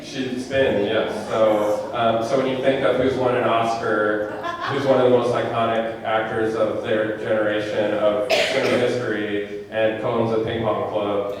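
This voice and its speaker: At a screening in a movie theater auditorium, a film director fields audience questions over a handheld microphone, his fairly low voice flat in delivery. He's chatty and rambling, full of fillers and quick asides, with a crowd in the background and an echoey theater sound heard from far off.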